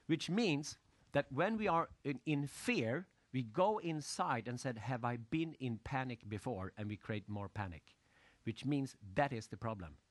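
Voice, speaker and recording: A man lecturing an audience with lively storytelling, asking questions and using loose, broken grammar. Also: mid-range voice, a little slow, no echo. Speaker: motivational speaker.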